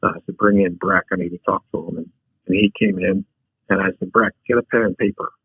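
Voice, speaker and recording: A man's voice: lowish voice, sing-song, quick pace, creaky, husky, no room sound. A man telling a frank personal story as a podcast guest, a take-charge talker who often restarts his sentences. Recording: tinny phone-like line.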